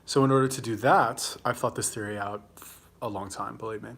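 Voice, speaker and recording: A man's voice: fairly low pitch, steady tone, brisk, gravelly, fairly bright tone, husky. A young man with a Los Angeles accent hosting a casual livestream, rambling and swearing as he answers viewer comments while eating. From California. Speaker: livestream host.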